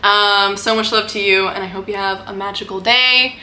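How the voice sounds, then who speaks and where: A woman's voice: medium pitch, steady tone, moderate pace, pushed and bright. A young adult woman vlogging, talking fervently and rambling, full of "like" and "right?". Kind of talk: impassioned spiritual monologue to camera. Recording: echoey room with faint background noise.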